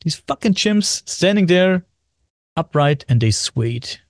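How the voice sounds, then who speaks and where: A man, a podcast guest in casual chat, talking excitedly, repeating himself and swearing often. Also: on the high side, slow, no room sound, clean studio sound. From Germany.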